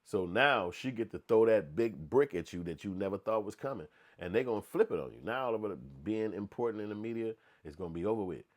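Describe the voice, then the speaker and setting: Lowish-voiced man ranting bluntly. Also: animated, fairly quick, hardly any pauses. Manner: blunt, profane, slangy, acts out quotes in voices. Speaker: commentator. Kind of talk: profane opinion rant.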